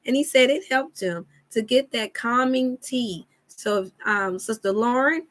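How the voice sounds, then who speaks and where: A woman's voice: on the high side, measured pace, fairly bright tone. A woman hosting a casual wellness live chat, talking to viewers in a folksy, preachy way. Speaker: wellness show host.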